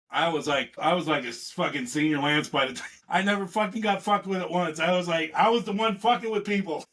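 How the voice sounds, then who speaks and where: A man in his fifties from California, a veteran guest telling rambling, profane stories in a casual, animated way. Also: on the high side. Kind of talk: casual storytelling.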